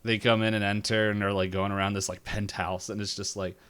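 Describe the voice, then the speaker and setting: A man's voice: fairly low pitch, fairly quick, clean tone. A man running a tabletop game, chatting casually with his players and acting out quotes as he tells stories. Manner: animated storyteller, acts out quotes. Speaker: game master.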